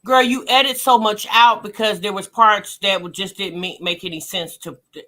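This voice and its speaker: Woman, reaction host, teasing commentary, bright and sharp tone. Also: medium pitch, fairly even intonation, normal speed. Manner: loud teasing exclamations.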